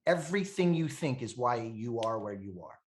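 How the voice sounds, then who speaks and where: A man in his fifties from Canada, a podcast guest telling animated stories, laughing often and acting out the voices of people he quotes. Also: medium pitch, normal speed. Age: 50s. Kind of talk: animated storytelling.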